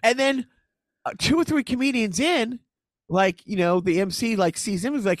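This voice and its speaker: A man's voice: very high voice, a little fast, no echo, clean studio sound. A middle-aged man, a comedian, telling a story in casual chat, laughing often and acting out what people said. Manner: animated, laughing, acts out quotes.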